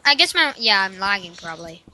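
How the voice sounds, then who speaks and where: A female co-op gaming partner in casual chat, excitable and exclamatory, quick to yell then apologize. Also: medium pitch, crowd noise, low-quality recording.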